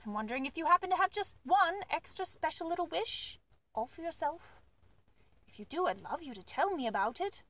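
A jolly, excitable old duke, as a woman puts him on, booms his lines with exuberant warmth. The voice sits high and lively, leaping around as he gets carried away in this storybook reading. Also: a little fast, exaggerated voice. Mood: kindly. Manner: booming, exuberant.

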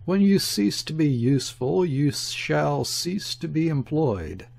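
Contemptuous foreign diplomat guy, airy and brutal, slow and raspy, as a narrator reads him. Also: fairly high pitch, big pitch swings, a little mellow, exaggerated voice. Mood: scornful. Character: scornful foreign diplomat, male, middle-aged. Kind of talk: audiobook character reading.

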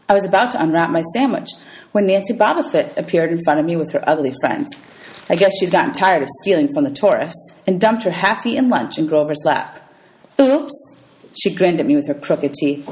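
Woman teacher, read-aloud storyteller, slightly low voice, lively. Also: rough recording. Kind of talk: reading a novel aloud to students.

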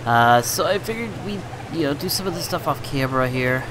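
A man's voice: on the high side, animated, fairly quick, noisy background. A man hosting a gaming channel, chatting casually over his gameplay, exasperated and laughing at his own bad luck.

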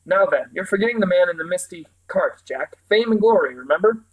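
A man's voice: high voice, expressive, fairly quick, low-quality recording. A man voicing a cheerful, pompous male scarecrow who is eager about everything in a storybook reading. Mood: delighted. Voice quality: grand, enthusiastic, oblivious to danger. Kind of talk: storybook read-aloud.

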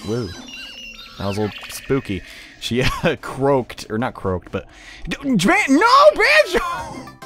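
A man's voice: medium pitch, wildly swooping pitch, takes it slowly, sharp tone, faint music behind. A man giving casual gameplay commentary, chatty and self-deprecating, laughing often at his own mistakes. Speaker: let's play commentator.

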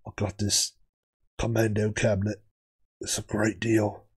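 A man voicing a pushy, secretive British male arcade dealer, talking in a hushed, urgent, salesman-like way with a British accent. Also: lowish voice, completely flat delivery, measured pace, breathy edge.

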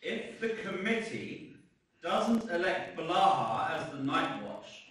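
An actor playing a polite, cautious village mayor who speaks hesitantly, recorded from far off in an echoey theater. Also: male voice, sits high, very animated, fairly bright tone, slight background noise, full character voice. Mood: measured. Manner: hesitant, measured. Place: theater stage.

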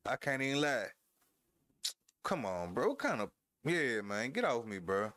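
This gamer's medium-pitched voice swings widely in pitch and stays unhurried and a bit bright. Wearing a headset, he plays a wrestling game, trash-talks the other player, laughs, and talks casually to his audience.

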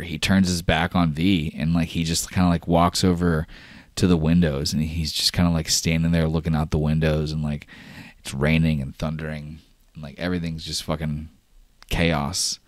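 A man's voice: extremely low pitch, dry recording, clean studio sound. A man narrating an improvised tabletop game as game master, casual and full of fillers.

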